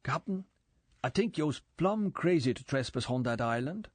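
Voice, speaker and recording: A man's voice: a little high, expressive, normal speed, no room sound, voice pushed up. A male narrator voicing a worried, reluctant Cayman Islander boatman with a Caymanian accent and plain-spoken dialect.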